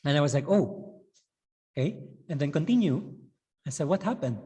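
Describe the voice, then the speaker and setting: A man's voice: a little high, lively intonation, normal speed, warm tone, long reverb tail, low-quality recording. A man in his fifties with a Visayan Filipino accent gives a webinar lecture to teachers, mixing English with Tagalog and tagging lines with "okay" and "no?". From Philippines. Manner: switches between English and Tagalog, frequent "okay" and "no?" tags. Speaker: teacher trainer.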